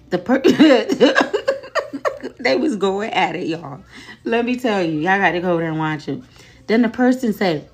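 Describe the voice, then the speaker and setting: A woman's voice: medium pitch, lively intonation, unhurried. Chatty woman retelling online drama. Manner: chatty, laughing, repeats "okay?" and "y'all". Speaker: commentary host. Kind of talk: casual commentary on social media drama.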